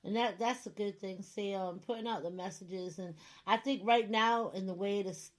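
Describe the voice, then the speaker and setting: Woman host asking in a relaxed tone. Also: medium pitch, moderate pace. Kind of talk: casual interview.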